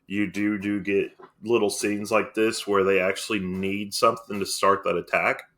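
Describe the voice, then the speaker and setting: A man's voice: lowish voice, flat delivery, moderate pace, fairly bright tone. A man co-hosting a casual podcast chat, thinking aloud and questioning details. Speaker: podcast co-host.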